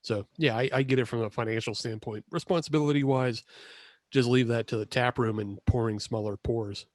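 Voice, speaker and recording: Man, podcast co-host, casual rambling chat, mid-pitched voice, dry video-call sound. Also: steady tone, fairly quick, darkish tone, dry recording. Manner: rambling, self-correcting, laughs often.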